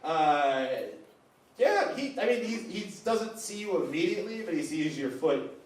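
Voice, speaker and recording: A man running a live comedy role-playing game as game master, narrating in an animated, laughing, halting way, recorded in an echoey room from a distance at a live comedy venue. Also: sits high.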